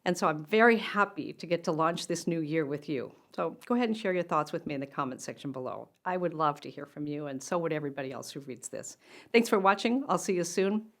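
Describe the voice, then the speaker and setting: A woman's voice: sits low, animated, quick pace. An older woman, a motivational speaker, telling a personal story straight to camera in an earnest, conversational way.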